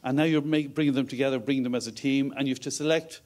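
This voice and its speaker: A man interviews a guest on stage at a conference. He probes with his questions and keeps the tone jokey, speaking at a middling pitch. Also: fairly even intonation, very fast, a little mellow. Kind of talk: onstage interview.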